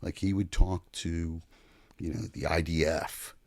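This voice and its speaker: An older man, a podcast guest, telling stories in a blunt, profane, animated way. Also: sits low, a little slow, vocal fry, no echo, studio quality. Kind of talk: casual storytelling chat.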